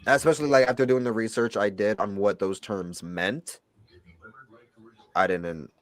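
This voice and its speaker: A man's voice: fairly low pitch, steady tone, measured pace. A young adult man chatting casually as a shop owner, blunt and gossipy with a sassy edge. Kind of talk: casual chat.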